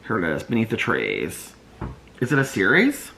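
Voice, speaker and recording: A middle-aged man vlogging casually, excitable and chatty, laughing often and using lots of fillers. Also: on the low side, normal speed, vocal fry, slight background noise. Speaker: vlogger reviewing a graphic novel. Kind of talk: casual chat.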